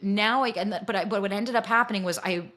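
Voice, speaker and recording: A woman dating coach talking candidly as a podcast guest, blunt and energetic, swearing freely. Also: mid-range voice, fast.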